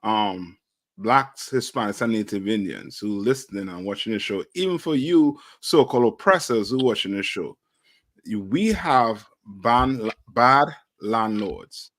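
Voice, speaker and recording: A man's voice: lowish voice, animated, unhurried, fairly bright tone, dry recording. A man on a talk show panel, speaking emphatically and repeating "you know what I mean" as he makes his points. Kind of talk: casual opinionated chat.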